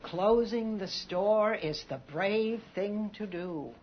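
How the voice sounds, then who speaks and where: An older actress playing a kindly elderly bookstore employee who gently encourages her boss, in a film scene. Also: medium pitch, slow, a little hiss or hum, lightly acted. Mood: encouraging. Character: elderly kindly woman shop employee, comforting. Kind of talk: film dialogue. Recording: dull lo-fi film clip.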